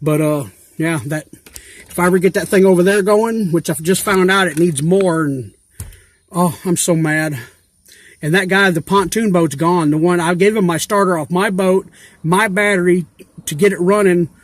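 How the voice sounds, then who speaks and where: A man with a fairly high voice chats on and on in a loose, rambling vlog style, full of fillers and homespun grammar. The sound is dry and close, with no room echo. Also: moderate pace. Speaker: YouTuber asking giveaway questions. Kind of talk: casual rambling vlog talk.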